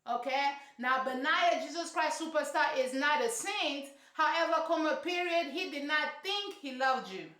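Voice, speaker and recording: A woman's voice: high voice, moderate pace, few pauses, sharp tone. A woman reviewing a reality show in casual, sassy, emphatic commentary full of slang. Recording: roomy echo.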